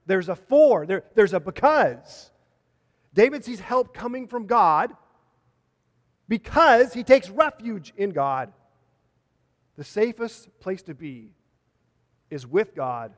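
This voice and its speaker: A man with a high voice preaching a sermon in an earnest manner. He leans on repeated phrases for emphasis. The sound rings with the long echo of a hall.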